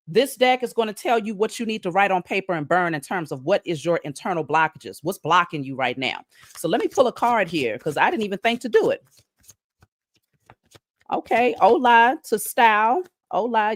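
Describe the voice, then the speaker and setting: A woman's voice: mid-range voice, lively intonation, no echo. Woman reading spiritual cards live, calls everyone y'all, dry close sound. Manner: chatty, addresses viewers as y'all, slow emphatic reading of declarations. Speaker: spiritual card reader. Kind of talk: live-stream card reading.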